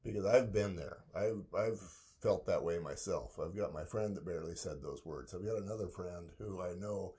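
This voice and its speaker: A man hosting an interview, speaking in a halting way and stumbling and repeating words as he asks questions. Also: sits low, warm tone. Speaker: interviewer, host. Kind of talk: conversational interview.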